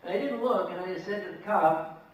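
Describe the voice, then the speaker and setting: Male live storyteller, high-pitched, wry and dry, caught by a distant camera in a very echoey hall. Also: fairly quick. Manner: wry, dry comic delivery with acted voices. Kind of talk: live comic storytelling to an audience. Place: large convention hall, indoors. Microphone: camera at a distance from the stage.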